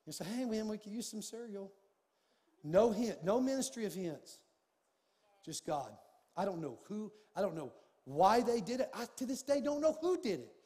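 High-voiced pastor preaching in a reverberant hall. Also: male voice, normal speed. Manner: animated, swings from hushed to shouting. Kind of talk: sermon storytelling.

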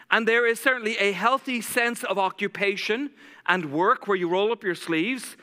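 Male lead pastor, high-ish sharp voice, intense fast preaching, long church echo. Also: clear, resonant tone. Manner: intense, fast-talking preacher who drops to a soft hush for scripture. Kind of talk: sermon. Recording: long church hall reverb.

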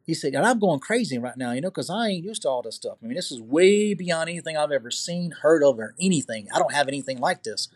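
A man from Louisiana with a Southern US accent, a podcast guest telling a personal story excitedly, repeating phrases and checking in with the listener. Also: on the high side, fast talker, few pauses, husky, dry recording.

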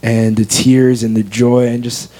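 A man's voice: mid-range voice, level tone, measured pace, warm tone. An American man in his twenties earnestly sharing a personal faith testimony as an interview guest. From United States. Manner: earnest, heartfelt storytelling.

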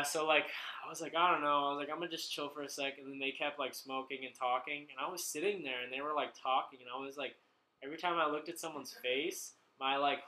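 A man with a slightly high, bright and forceful voice tells a story in a loose, rambling way. He drops "like" into almost every phrase and swears without a second thought. The sound bounces around an echoey room. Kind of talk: casual storytelling chat.

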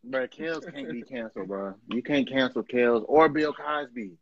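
A man's voice: medium pitch, moderate pace, dry recording. A man co-hosting a casual podcast chat, slangy and emphatic. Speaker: podcast co-host. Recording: dull dry lo-fi recording.

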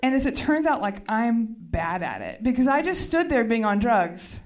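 A woman's voice: fairly high pitch, very animated, normal speed. A woman comedian on stage, telling a rambling, chatty story and laughing as she goes. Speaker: stand-up comedian. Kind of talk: stand-up storytelling. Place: stage before a live audience.

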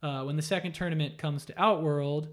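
A man with a slightly higher voice recaps a story in casual, animated chat. His delivery is loose and swears freely, and he slips into the characters' lines as he goes. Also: brisk. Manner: animated, profane storytelling with acted-out quotes. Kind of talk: casual retelling of a game story.

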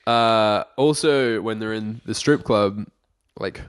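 A man's voice: on the low side, takes it slowly. A man co-hosting a casual film-review podcast, chatty and laid-back, swearing casually. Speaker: podcast co-host.

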